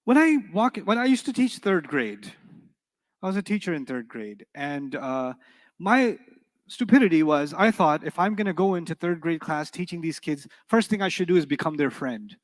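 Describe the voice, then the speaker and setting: Guy with a high voice teaching a class, tells stories, keeps asking the room questions. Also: normal speed, dry recording. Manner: animated storytelling, asks the class questions; acts out quoted voices in his stories. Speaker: Arabic teacher. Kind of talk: live classroom lecture.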